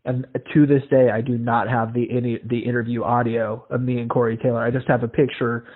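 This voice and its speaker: A man's voice: medium pitch, level tone, brisk. A male podcast host from Iowa, telling stories in casual chat, acting out the voices in them and swearing freely. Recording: tinny phone-like lo-fi audio.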